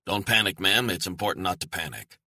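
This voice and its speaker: A man voicing a calm, cold male operative. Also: deep voice, dry recording, exaggerated voice. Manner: slow, calm, flat reassurance. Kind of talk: audiobook character reading.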